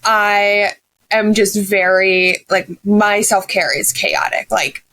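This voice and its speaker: A woman therapist on a podcast, chatty and animated as she tells a story. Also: mid-range voice, slow pace. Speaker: therapist co-host. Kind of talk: casual podcast chat.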